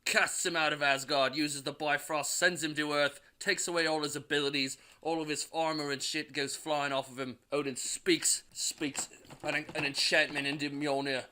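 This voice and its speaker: A man's voice: a little high, steady tone, normal speed, bright, forceful tone. A young man recapping a movie plot in a casual, crude way, swearing constantly and now and then acting out a character's line. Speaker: movie reviewer recapping a film.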